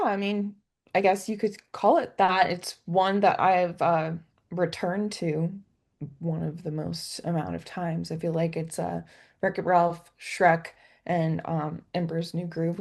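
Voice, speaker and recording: A woman's voice: lowish voice, fairly even intonation, a little slow, vocal fry, a little mellow. A young woman co-hosting a casual movie chat, bubbly and full of fillers. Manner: bubbly, lots of fillers and laughs. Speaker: co-host.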